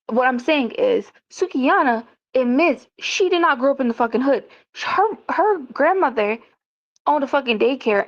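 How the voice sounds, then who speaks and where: Woman vlogger, fed-up casual rant, raspy fry, dull lo-fi sound. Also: a little high. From South Carolina. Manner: blunt, profane, exasperated. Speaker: commentary vlogger. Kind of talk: casual ranting commentary. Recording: muffled lo-fi audio.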